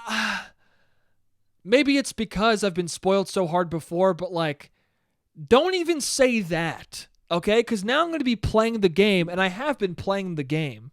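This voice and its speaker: A young man hosting a solo podcast, telling a story in a ranting, profane, animated way. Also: high voice, measured pace, dry recording, studio quality. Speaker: podcast host. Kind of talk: solo casual monologue.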